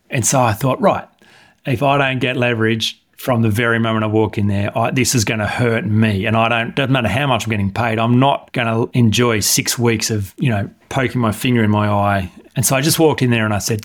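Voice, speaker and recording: A man's voice: medium pitch, fairly quick. A man, a coach and author, telling stories bluntly and animatedly in a podcast interview. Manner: blunt, animated retelling with acted dialogue.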